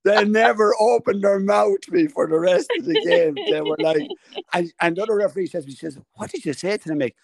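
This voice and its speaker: A man's voice: high voice, brisk, creaky, dry recording. A man with an Irish accent, co-hosting a podcast and telling a funny story in casual chat. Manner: jokey yarn-spinner, laughs often. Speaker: podcast co-host.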